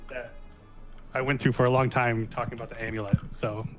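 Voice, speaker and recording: A man co-hosting a comedy podcast, relaxed and riffing with quick ideas. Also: mid-range voice, music in the background. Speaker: podcast co-host. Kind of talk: casual comedic chat.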